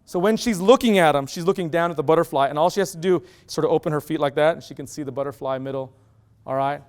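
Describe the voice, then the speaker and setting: A middle-aged man giving an animated storytelling lecture, acting out quoted dialogue. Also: fairly high pitch, quick pace. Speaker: university lecturer.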